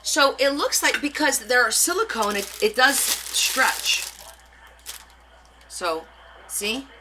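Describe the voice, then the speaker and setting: A woman's voice: a little high, expressive, slow, pushed and bright, a little hiss or hum, low-quality recording. A woman hosting a live craft stream, chatting casually with her viewers and answering their comments as she demonstrates. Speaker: craft livestream host.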